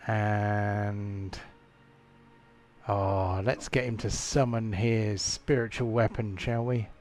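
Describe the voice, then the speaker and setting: A man running a tabletop game as game master, thinking aloud with frequent fillers and halting restarts. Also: lowish voice, steady tone, darkish tone.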